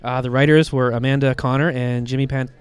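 A man's voice: mid-range voice, level tone, fairly quick, clean tone. A man with a slight cold, co-hosting a comic book podcast and retelling a story in casual chat, rambling with lots of fillers and restarts.

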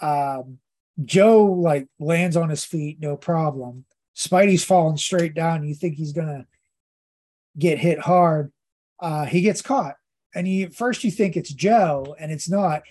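Podcast host, unhurried and rambling, lots of ums, casual comic recap. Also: medium pitch, darkish tone. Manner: rambling, hesitant, many fillers.

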